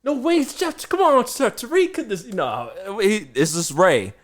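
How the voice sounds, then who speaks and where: A man imitating a short, pushy New York barber who pleads loudly. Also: high-pitched, wildly swooping pitch, unhurried, pitched above the performer's own voice, full character voice. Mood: pleading. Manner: loud, pleading.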